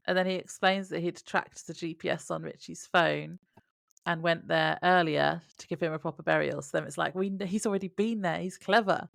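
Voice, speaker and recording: A woman co-hosting a podcast, recapping an episode in a relaxed way and laughing often. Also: on the low side, moderate pace, vocal fry, dry recording, studio quality. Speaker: podcast co-host. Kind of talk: casual recap chat.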